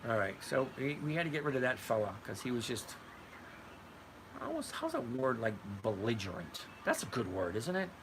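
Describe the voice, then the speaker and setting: With big pitch swings at a normal speed, an older retired man's medium-pitched voice carries over a noisy background. He hosts a casual trading livestream, reading chat and replying to viewers by name in a blunt, conversational way.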